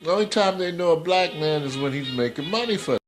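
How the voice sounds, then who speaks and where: A man's voice: on the high side, expressive, a little fast, faint music behind. A man hosting a casual commentary podcast, scolding in slangy, repetitive talk. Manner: scolding, slangy, repeats himself. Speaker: host.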